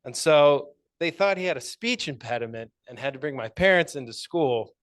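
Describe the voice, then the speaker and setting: A man giving an impromptu answer at a speaking club, thoughtful and measured, with some hesitant fillers. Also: on the high side, expressive, dry recording. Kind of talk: impromptu speech.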